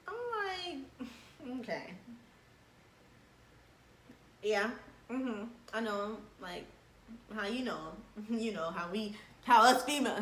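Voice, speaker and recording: A young woman tells a personal story in casual chat, animated, laughing often and acting out what people said. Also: a little high, slow pace, pauses often. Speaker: vlogger telling a story. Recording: echoey room with faint background noise.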